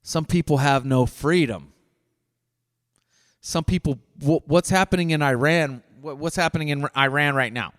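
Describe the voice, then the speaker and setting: Middle-aged man, blunt profane solo rant, slightly high voice, long reverb. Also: normal speed. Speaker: podcast host. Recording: dry voice with long reverb tail.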